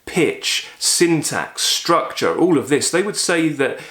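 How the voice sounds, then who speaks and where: A man's voice: a little high, sing-song, slow, a bit bright. Man lecturing in a roomy echo. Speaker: literature teacher.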